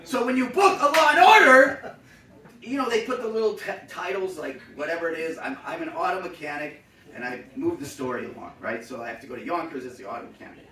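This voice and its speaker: A man telling funny stories to a live audience, acting out other people with loud shouted voices. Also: fairly high pitch, quick pace. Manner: animated, acts out shouting voices. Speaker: comedic storyteller. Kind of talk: live storytelling set. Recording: echoey room, mic from a distance.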